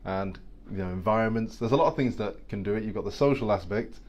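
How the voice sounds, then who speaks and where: A man's voice: fairly low pitch, a little mellow. A man reflecting in casual podcast chat, thoughtful and talkative. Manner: reflective, chatty, fast. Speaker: podcast co-host.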